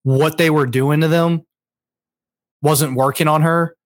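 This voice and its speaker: A man's voice: a little high, fairly even intonation, a little slow. A man in casual chat, loosely recapping a show's plot. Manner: laid-back, loose retelling with acted quotes. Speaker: podcast co-host.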